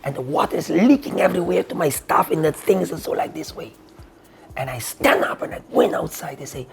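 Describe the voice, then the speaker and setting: A kung fu coach telling an animated story in non-native, broken English, laughing often as he talks. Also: a little high, a little fast, creaky, soft background music. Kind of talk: animated storytelling in a sit-down talk.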